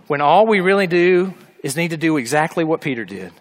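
Male preacher, fairly high voice, animated storytelling sermon, humor then earnest call. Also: brisk, hardly any pauses.

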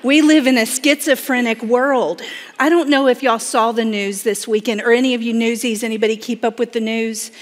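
A woman's voice: a little high, steady tone, moderate pace, long reverb tail. A woman from Florida with a Southern accent, giving a folksy church talk and addressing the audience directly. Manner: folksy, talks straight to the audience with many "y'all". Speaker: pregnancy center director speaking at church.

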